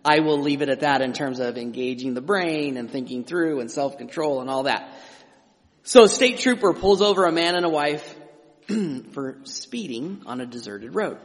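Middle-aged man, pastor, chatty emphatic sermon, a bit high-pitched, echoing sanctuary. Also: animated, normal speed. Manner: conversational preaching with restarts and emphatic asides. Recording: long hall reverb.

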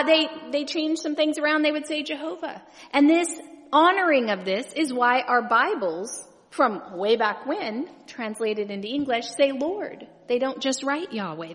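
A woman's voice: high voice, fairly bright tone. A woman preacher teaching a sermon in a conversational way, often checking in with the audience. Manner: conversational, keeps asking the audience "right?". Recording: long hall reverb.

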